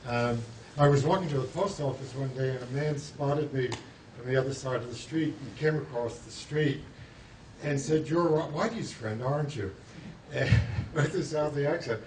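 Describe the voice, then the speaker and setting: A man's voice: mid-range voice, moderate pace, darkish tone. Man from the audience, hesitant and amused, echoey room, faint background noise. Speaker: audience member. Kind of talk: casual anecdote. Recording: distant roomy audience mic.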